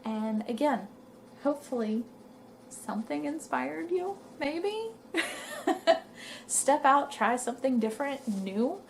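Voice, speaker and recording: A woman's voice: high voice, measured pace, creaky, slight background noise. A young woman, chatting casually to her viewers in a knitting vlog. She rambles and is a little out of breath. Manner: rambling, chatty, says "y'all". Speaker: knitting vlogger. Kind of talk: casual chat to camera.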